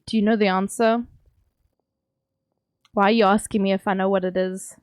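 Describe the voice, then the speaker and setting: A woman's voice: medium pitch, little pitch movement, normal speed, dry recording, clean studio sound. A woman streamer from England chatting casually with her stream chat, teasing and joking as she reads messages aloud.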